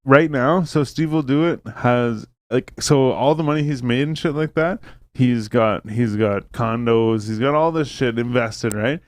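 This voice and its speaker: A man's voice: medium pitch, a little slow, dry recording, studio quality. A man hosting a podcast, telling a long story in casual chat, swearing freely and piling on fillers. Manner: swears a lot, rambling storytelling with many fillers. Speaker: podcast host.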